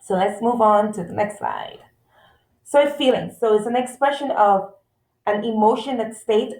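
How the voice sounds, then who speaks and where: A woman giving an online slide presentation to parents, talking quickly and trying to slow down. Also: medium pitch, a little mellow. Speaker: school support presenter for parents. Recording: echoey room.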